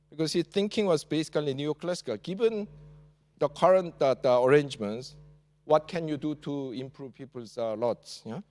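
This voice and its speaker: A man's voice: on the high side, a little mellow. Korean-accented man lecturing in a hall. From South Korea. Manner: frequent "yeah?" tag questions, many "uh" fillers. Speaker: guest lecturer. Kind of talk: university lecture.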